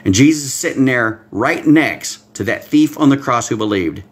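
A man preaching a livestream Bible-code sermon, excitable, swinging between hushed asides and loud exclamations and talking straight to his viewers. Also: mid-range voice, moderate pace, slightly rough. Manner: talks directly to viewers, reads out comments. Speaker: pastor.

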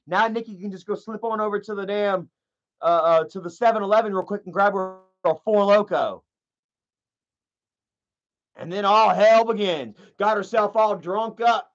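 A man's voice: sits high, normal speed. A man hosting a livestream, ranting in a profane, rambling way with lots of fillers. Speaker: livestream host. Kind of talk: livestream commentary. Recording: muffled lo-fi audio.

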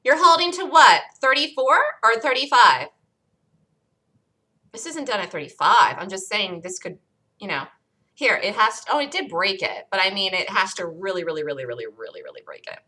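A woman hosting a live day trading room, excitedly calling trades as they happen, her voice getting worn from talking loud. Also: mid-range voice, moderate pace. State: losing her voice. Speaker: day trading show host.

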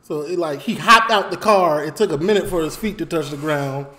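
Vlogger man, high voice, slangy storytime, repeats lines for emphasis. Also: a little fast, sharp tone. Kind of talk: casual storytime.

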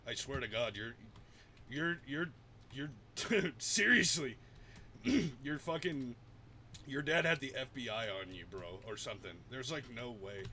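A man's mid-range voice, lively in intonation and sharp in tone, moves at a measured pace over a little hiss or hum. The gaming streamer keeps a laid-back, casual chat going as he plays, swearing frequently and laughing plenty.

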